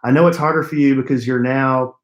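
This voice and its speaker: A man's voice: mid-range voice, fairly even intonation, a little fast, lo-fi sound. Guy podcast host reading fan mail, teasing, kinda roomy echo. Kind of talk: casual chat, reading listener mail.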